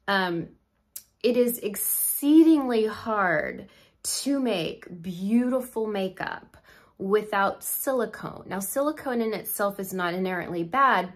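A woman's voice: medium pitch, fairly bright tone. A middle-aged woman makeup artist chatting effusively to her viewers, asking rhetorical questions as she goes. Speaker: makeup artist and beauty vlogger. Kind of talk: chatty direct-to-camera talk.

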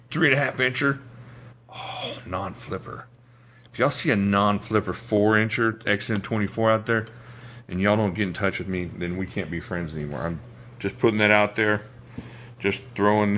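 This man has a crisp, bright voice sitting a bit low. He chats happily and jokily to camera while pulling knives from a drawer at home, and he often mutters to himself. There is a faint hiss behind him. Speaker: knife collection YouTuber. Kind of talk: casual show-and-tell talk to camera. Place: indoors at home beside a knife drawer.

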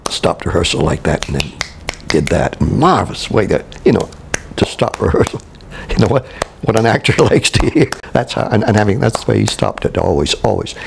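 An older man from Canada, a veteran stage actor, recalling his career in an interview with halting restarts and chuckles. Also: deep voice, creaky, noisy background. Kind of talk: reminiscing interview.

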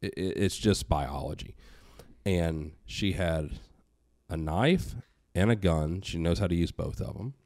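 Very deep-voiced man telling a story. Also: unhurried, no echo, studio quality. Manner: animated, profane, acts out quoted voices. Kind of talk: casual podcast storytelling.

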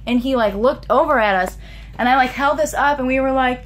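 A young woman vlogger, a little tipsy, excitedly retelling a story to camera with lots of fillers. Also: high voice, a little fast.

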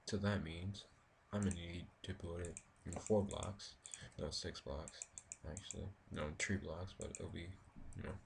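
A man with a deep, gravelly voice narrates his building session in a loose, rambling way, thinking aloud as he goes. Soft clicking from his keyboard and mouse sits faintly behind him, with a light hiss. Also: fairly even intonation, a little slow. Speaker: gaming video creator. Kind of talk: casual let's-play commentary.

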